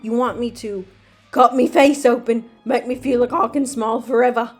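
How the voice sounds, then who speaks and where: A woman's voice: fairly high pitch, fairly even intonation, moderate pace, soft background music, voice pushed up. A woman reading aloud and voicing a brooding young male killer from a fan story in an exaggerated, put-on British accent, melodramatic and overwrought. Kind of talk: comedic dramatic reading.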